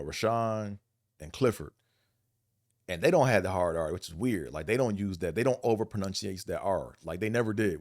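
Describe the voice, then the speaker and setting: Man host from Buffalo, Buffalo accent, low-pitched, rambling profane monologue, dry close sound. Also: darkish tone, dry recording. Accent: Buffalo, New York. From Buffalo, New York. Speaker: vlog host. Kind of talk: casual monologue.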